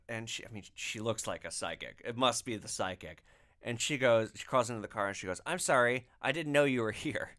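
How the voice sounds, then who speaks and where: A man's voice: on the low side, a bit bright. A man hosting a podcast, telling stories casually with loose, profane phrasing and lots of filler words. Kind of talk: casual storytelling.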